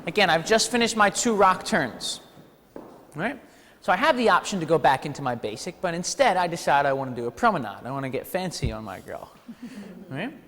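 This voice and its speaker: Lively male dance teacher counting steps. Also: a little high, brisk, big-room sound. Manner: energetic, counts steps aloud, playful asides. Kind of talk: teaching a ballroom dance class. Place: dance studio hall.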